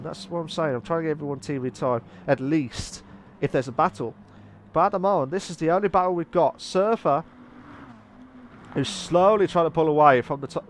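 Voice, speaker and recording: A man with a high-pitched voice calls a sim race live, excitable and rambling, catching and correcting his own slips as he goes. Faint engine noise runs underneath. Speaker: race commentator. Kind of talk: live sim racing commentary.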